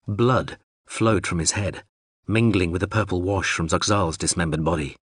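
A male narrator reads a novel aloud in a measured, expressive manner. His low, husky voice moves through a wide, lively pitch range. The recording is close and dry. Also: no echo. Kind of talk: audiobook narration.

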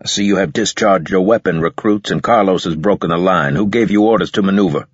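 A man voicing a gruff male veteran squad commander who barks clipped orders over the radio. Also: deep voice, brisk, dry recording, highs cut off. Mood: stern.

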